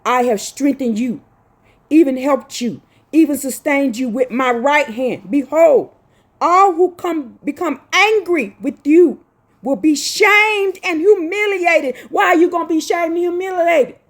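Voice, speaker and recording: High-voiced woman preaching fervently. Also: unhurried. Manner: fervent, scolding, cries out and repeats phrases. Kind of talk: impassioned street-style sermon with scripture reading.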